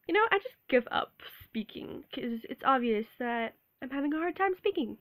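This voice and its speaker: Young woman vlogger, sick and hoarse-throated, awkward, halting, higher voice. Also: lively intonation, fairly bright tone. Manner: awkward, halting, laughs often. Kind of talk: casual rambling vlog.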